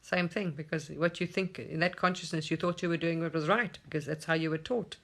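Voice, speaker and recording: Animated spiritual talker, swearing. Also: mid-range voice, a little fast, gravelly. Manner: animated, swears casually, laughs often, mimics voices in quotes. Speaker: spiritual teacher. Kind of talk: casual spiritual monologue.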